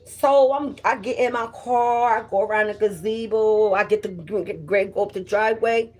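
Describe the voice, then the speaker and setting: Husky chatty woman livestreaming. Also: mid-range voice, moderate pace. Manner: chatty and profane, greets viewers by name. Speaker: livestream host. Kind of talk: casual livestream chat.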